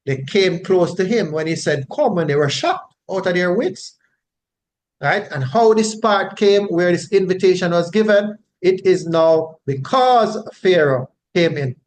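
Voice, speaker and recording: Male Bible teacher, unhurried and explanatory, slightly high-pitched, faint low rumble in the recording. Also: expressive. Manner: unhurried, explanatory, frequent tag questions.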